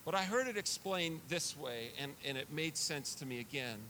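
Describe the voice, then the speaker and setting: A man's voice: on the high side, expressive, normal speed, bright, forceful tone, a little hiss or hum. A man preaching a sermon as pastor, earnest and confessional, often repeating words as he builds a point.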